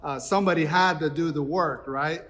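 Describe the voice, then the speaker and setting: Male pastor, casual storytelling sermon, fairly high voice, long church reverb. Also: moderate pace, fairly bright tone. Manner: conversational storytelling, acts out dialogue.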